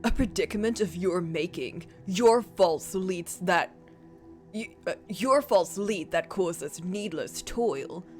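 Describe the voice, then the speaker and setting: A woman voicing an impatient, retired male dragon slayer in a deeper drawling put-on voice. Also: lively intonation, takes it slowly, faint music behind. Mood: irritated.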